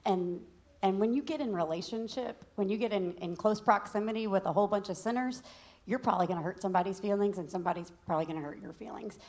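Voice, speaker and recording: A woman's voice: mid-range voice, fast, a little mellow. A woman co-teaching a sermon, reading scripture aloud and adding candid, joking asides. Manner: candid and joking, says y'all. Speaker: pastor's wife co-teaching.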